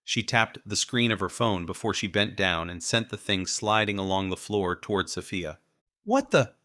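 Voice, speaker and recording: Deep, bright-toned male audiobook narrator. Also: fairly even intonation, moderate pace, no echo, clean studio sound. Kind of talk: scripted first-person narration.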